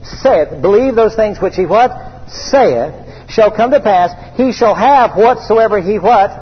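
High-voiced man preaching in a church. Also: expressive, a little slow, breathy edge, in a large hall, muffled recording. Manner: call-and-response preaching, repeats phrases. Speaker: pastor. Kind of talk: sermon.

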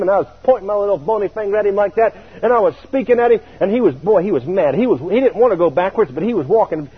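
Husky preacher man on tinny radio. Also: sits high. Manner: animated, chuckling as he tells a story. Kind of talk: sermon storytelling.

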